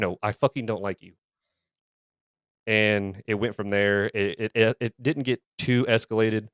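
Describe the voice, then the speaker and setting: A man's voice: fairly low pitch, no room sound, studio quality. A man co-hosting a podcast, telling a workplace story casually, swearing often and restarting and repeating his words as he gets worked up. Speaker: podcast co-host.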